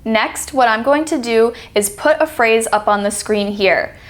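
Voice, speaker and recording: A woman teaching an accent reduction lesson, speaking clearly and deliberately and demonstrating example sentences. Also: a little high. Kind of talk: scripted instructional lesson.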